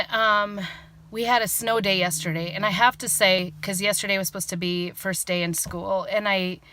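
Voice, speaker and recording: A woman's voice: mid-range voice, bright, forceful tone, no echo. A middle-aged woman, vlogging from inside her truck, tearful and rambling with many fillers. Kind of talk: casual vlog monologue.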